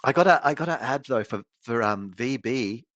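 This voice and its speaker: A man's voice: mid-range voice, normal speed, dry recording, dull audio. A man co-hosting a casual chat show, telling rambling stories and laughing often. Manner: rambling, laughing, animated storytelling. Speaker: podcast co-host.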